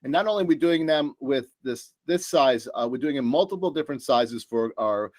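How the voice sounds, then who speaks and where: Upbeat New York salesman, mid-pitched, dry close mic, presenting to buyers with jokes and fillers. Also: animated, a little fast, a little mellow, no room sound. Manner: upbeat, joking salesman's patter with many fillers. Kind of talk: business presentation.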